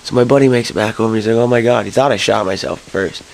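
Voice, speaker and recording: Rambling low-voiced young man telling a story. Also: quick pace, creaky, a little hiss or hum, rough recording. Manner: rambling, swears, jumps to high-pitched yelps when excited. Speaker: vlogger. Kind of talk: casual storytelling to camera. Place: at home, early morning.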